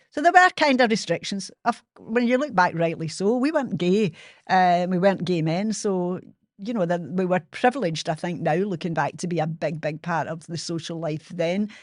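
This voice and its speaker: A woman's voice: lowish voice, a little mellow, no echo. Glaswegian woman, 60s, host telling her own stories; frank, sweary, self-mocking, dry close sound. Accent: Glaswegian Scottish. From Scotland. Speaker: podcast host. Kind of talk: personal storytelling monologue.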